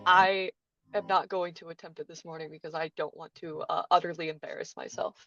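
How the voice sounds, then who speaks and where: A woman player in a tabletop game, describing her character in a halting, giggly way with many fillers. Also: lowish voice, steady tone, a bit bright, highs cut off. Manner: hesitant, giggly, lots of fillers.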